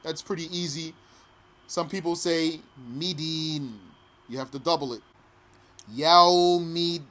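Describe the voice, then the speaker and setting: A man teaching pronunciation patiently, repeating each phrase slowly and sometimes chanting it. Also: on the high side, a bit bright, a little hiss or hum. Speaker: recitation teacher. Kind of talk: pronunciation lesson.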